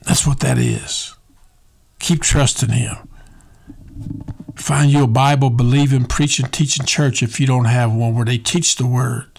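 A male pastor preaching a sermon in a fervent, conversational way, talking straight to his listeners and swinging between quiet reflection and loud praise. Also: medium pitch, animated, unhurried, gravelly.

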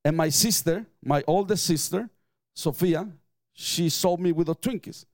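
A man's voice: on the high side, unhurried, a little mellow, dry recording. A middle-aged man, preaching a sermon in an emphatic way and mixing in personal stories with light chuckles. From Mexico. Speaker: pastor.

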